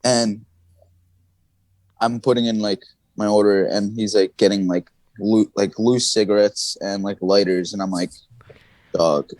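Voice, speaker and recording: A man as a podcast guest, telling stories in casual chat, animated, laughing and swearing as he goes. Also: on the low side, a little slow, no room sound. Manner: animated, swings his voice up and down, laughs and swears often.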